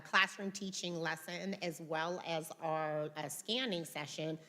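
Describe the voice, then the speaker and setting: A woman walks through her research slides at a conference. Her voice sits a bit low, and her delivery is relaxed and chatty, with plenty of filler words. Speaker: research presenter. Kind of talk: conference presentation.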